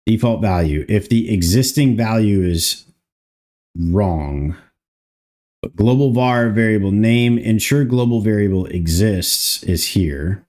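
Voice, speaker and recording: A man's voice: fairly low pitch, expressive, slow pace, darkish tone. A man streaming live, thinking aloud and muttering as he codes, chatting casually and swearing now and then. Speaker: streamer coding a game mod. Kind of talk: casual livestream chat while coding.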